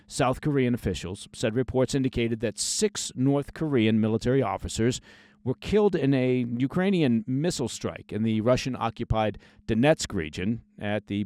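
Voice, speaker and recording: A man's voice: mid-range voice, a little mellow, dry recording, clean studio sound. A man hosting a scripted news briefing, reading the stories in a conversational way with short asides and stressed key words. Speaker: news podcast host.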